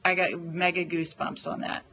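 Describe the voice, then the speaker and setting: A woman's voice: on the low side, flat delivery, moderate pace, sharp tone, dull audio. A woman hosting a casual livestream oracle card reading, gushing with praise and talking to viewers by name.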